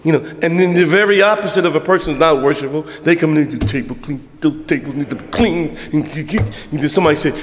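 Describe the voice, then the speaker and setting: A man preaching a conversational sermon as pastor, acting out church members in quick voices. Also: fairly high pitch, long reverb tail.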